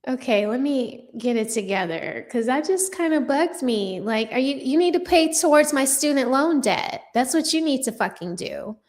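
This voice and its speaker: A woman's voice: high voice, expressive, moderate pace, hardly any pauses. A young adult woman hosting a casual livestream, chatting with viewers in a sassy, profane way with lots of fillers. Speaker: livestream news commentator.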